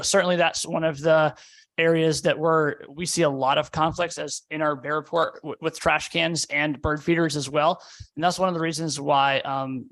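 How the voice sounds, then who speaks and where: Gravelly guy testifying at a hearing, lots of ums, slightly high voice. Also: fairly bright tone. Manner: hesitant, many fillers. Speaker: deputy commissioner.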